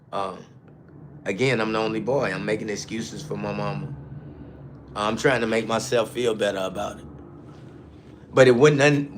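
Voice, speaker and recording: A man on a live stream, speaking at an ordinary middle pitch while he tells his story like a sermon. He keeps calling out to his audience and repeats phrases to build emphasis. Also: fairly bright tone. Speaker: landscaping business owner.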